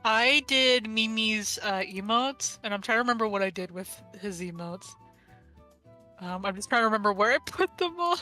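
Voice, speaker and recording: A woman artist chatting casually on a stream, excitable and giggly, talking in bursts. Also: mid-range voice, normal speed, soft background music. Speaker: vtuber artist on a panel.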